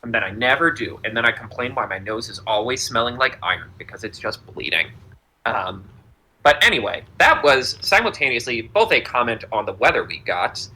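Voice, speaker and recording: Animated young man ranting casually. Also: medium pitch, a little fast, husky, low-quality recording. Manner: animated, rambling, profane. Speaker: podcast co-host. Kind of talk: casual chat.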